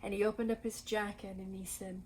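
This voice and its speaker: A woman co-hosting a Christian ministry program, telling inspiring stories in an earnest, animated way. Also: mid-range voice, fairly quick, background noise. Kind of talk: storytelling conversation.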